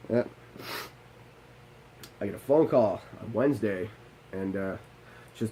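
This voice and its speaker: A man's voice: fairly low pitch, measured pace, pauses often, warm tone, slight background noise, low-quality recording. A young man, a Navy veteran, telling his own story in a candid monologue. He talks bluntly, swears freely and often restarts his sentences.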